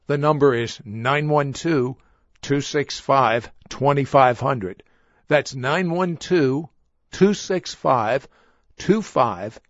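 A man's voice: mid-range voice, husky, no room sound. A man hosting a show, asking stammering questions and reading out announcements. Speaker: show host. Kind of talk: interview and on-air offer. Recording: dull, dry lo-fi broadcast.

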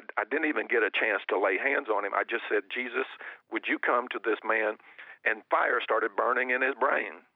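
A man giving an excited testimony as a guest minister on a religious talk show, often repeating his words. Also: mid-range voice, dry recording, phone-quality sound.

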